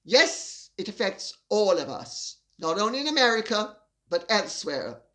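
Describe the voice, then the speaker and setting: An older woman delivering an indignant opinion monologue as a commentator, with emphatic, deliberate stresses. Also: mid-range voice, big pitch swings, sharp tone.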